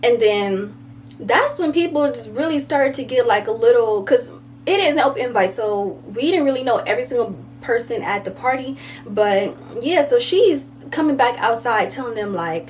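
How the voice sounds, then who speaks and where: A woman's voice: fairly high pitch, lively intonation, moderate pace, a little mellow, a little hiss or hum. A woman telling a casual storytime, rambling and slangy, full of fillers like "like" and "you know". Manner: slangy and conversational. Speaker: vlogger.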